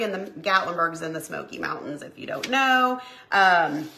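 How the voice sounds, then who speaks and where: A woman's voice: mid-range voice, expressive, moderate pace, gravelly, sharp tone, a little hiss or hum. A woman in her forties with a Tennessee accent, hosting a craft live stream and chatting folksily as she reads out viewer comments. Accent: Southern US, Tennessee. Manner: chatty and folksy, with lots of filler words. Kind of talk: casual chat reading live comments.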